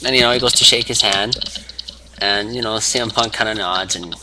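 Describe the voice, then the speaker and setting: A man's voice: fairly low pitch, steady tone, brisk, background noise. A man rambling casually through a story, full of fillers and restarts. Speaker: wrestling fan.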